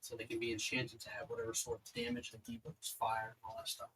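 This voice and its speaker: A man's voice: medium pitch, big pitch swings, quick pace, fairly bright tone, a little hiss or hum, low-quality recording. A man narrating as dungeon master of a tabletop game, loose and casual with lots of filler words.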